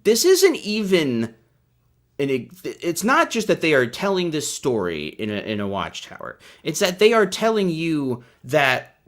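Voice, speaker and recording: Brief: male stream host, wry and self-mocking, pitch swinging widely, casual riffing on his own reading. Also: huge pitch swings, measured pace. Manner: sarcastic, self-deprecating, tangent-prone. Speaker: host of a commentary channel. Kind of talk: casual livestream commentary.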